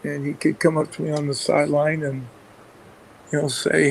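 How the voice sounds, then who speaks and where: Man, football coach, gravelly, monotone, rambling anecdotes, lots of fillers. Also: on the high side, normal speed, a little hiss or hum, low-quality recording. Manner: rambling, many fillers and restarts, chuckles often. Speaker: football coach and play caller. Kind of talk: casual anecdotes in a radio interview.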